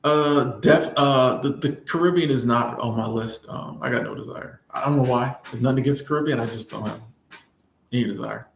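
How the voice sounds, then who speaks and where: A man hosting a casual livestream, reading chat and answering viewers in a relaxed, playful way, often repeating his phrases. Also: medium pitch, brisk, creaky, a little hiss or hum. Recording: echoey room.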